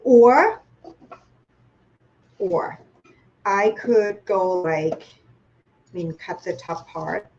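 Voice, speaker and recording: A Thai-accented woman leads a virtual cooking class, talking slowly and playfully to her viewers. Her voice comes through a slightly dull, muffled home mic with faint room ambience behind her. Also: mid-range voice, animated, darkish tone, a little hiss or hum. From Thailand. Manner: chatty, playful, talks to viewers with questions. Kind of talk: live online cooking demonstration.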